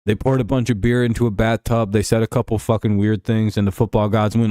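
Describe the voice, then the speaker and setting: A man with a fairly low voice rants about football on his own show, profane and sarcastic. The sound is dry and close, with no room around it. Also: little pitch movement, fast talker, dark tone, no echo. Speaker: host. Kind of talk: casual football talk show.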